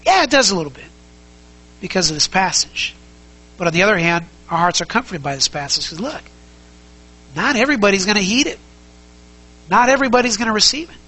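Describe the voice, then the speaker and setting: A man's voice: high-pitched, animated, a little fast, pauses often, pushed and bright, low-quality recording. A man preaching a sermon as pastor, conversational and emphatic, asking the congregation many rhetorical questions and repeating key phrases.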